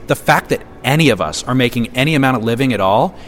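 A man's voice: medium pitch, quick pace, slight background noise. A man co-hosting a podcast in casual chat, telling stories animatedly and acting out what people say. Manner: animated, acts out quoted remarks. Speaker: podcast co-host.

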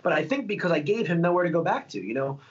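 Young man, fighter, interview guest, fast talker, rambling, filler-heavy, muffled lo-fi sound. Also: fairly high pitch, lively intonation. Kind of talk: casual interview talk. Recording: dull lo-fi sound.

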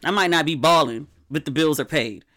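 A middle-aged woman hosting a podcast, chatting casually in a candid, wry, animated way. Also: sits low, fairly quick. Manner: candid, wry and animated, with sudden quoted outbursts. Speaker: podcast host. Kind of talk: casual solo podcast chat.

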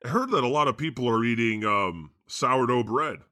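A man playing God as a jokey podcast host, sarcastic and animated in comedy banter. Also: mid-range voice, normal speed. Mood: playful. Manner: sarcastic, animated, laughs often.

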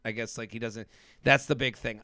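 Bright, lively man co-hosting a podcast. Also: medium pitch, no echo. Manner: animated, quick asides, acts out quotes in a flat robot voice. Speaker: podcast co-host. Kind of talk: casual chat recapping a reality show.

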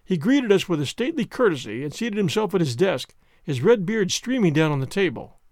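A man narrating a classic detective story in an expressive, dramatic storytelling manner. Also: sits high, fairly quick, no echo, clean studio sound. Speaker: audiobook narrator.

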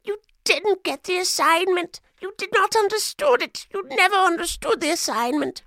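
A shrill, scolding young activist woman's voice, pitched far above a normal man's range, as a podcast host mocks her. The delivery is indignant and preachy. It sounds dry and close, with no room echo. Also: animated, normal speed, vocal fry, sharp tone, exaggerated voice.

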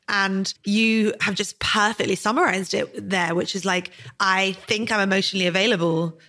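A woman's voice: medium pitch, steady tone, normal speed, hardly any pauses, bright, forceful tone. A woman in her thirties hosting a podcast, talking in a candid, earnest way about personal memories. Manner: earnest, candid, emotional storytelling. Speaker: podcast host. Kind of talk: podcast conversation.

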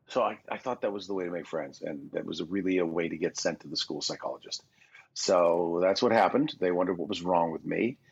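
A man in his sixties from Canada talks in a very low, husky voice as a podcast guest. He rambles through self-deprecating anecdotes with plenty of restarts. The recording is dull and lo-fi. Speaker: guest voice actor. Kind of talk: casual podcast interview.

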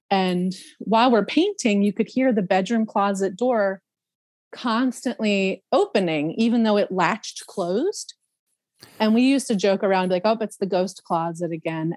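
Podcast guest: a woman telling a story casually and with animation, mid pitch, close and dry. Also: no room sound. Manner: animated, laughs often, imitates other people's voices.

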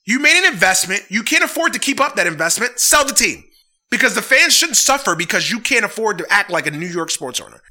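Man, podcast host, profane ranting, sharp bright tone, slightly high voice. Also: big pitch swings, fast. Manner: sincere, thankful sign-off. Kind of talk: casual sports podcast chat.

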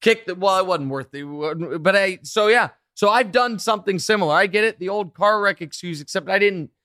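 A man's voice: sits high, no room sound, clean studio sound. Man telling a story on a podcast. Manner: animated storyteller, quick asides. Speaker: podcast host. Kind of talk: casual podcast chat.

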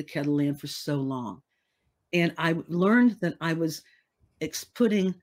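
A woman's voice: lowish voice, a little mellow. A woman guest on a podcast telling a personal story in an earnest, reflective way and repeating phrases for emphasis.

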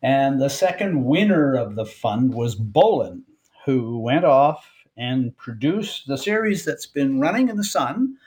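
A man with a lively voice that rises and falls a lot, delivering political commentary on the radio. He talks like a storyteller and slips in dry, humorous asides as he goes. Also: mid-range voice, measured pace. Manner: animated storyteller, wry asides. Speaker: political columnist, regular guest.

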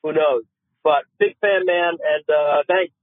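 A man's voice: on the high side, steady tone, unhurried, dry recording. A man from Boston calling in to a sports radio show, eager and rambling, heard over a phone line. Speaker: caller. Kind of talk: call-in radio.

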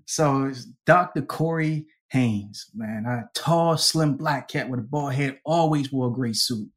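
A man as an interview guest, telling a personal story in a lively way, laughing often and acting out the people he quotes. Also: mid-range voice, measured pace. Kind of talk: conversational storytelling.

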